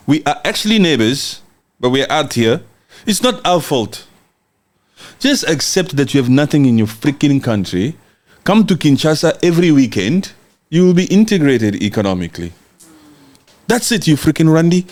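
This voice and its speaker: A man's voice: on the high side, very animated, moderate pace, pauses often, darkish tone. A man from Congo hosts a podcast livestream, reading viewer comments and speaking in a heated, emphatic way, often repeating words. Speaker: podcast host.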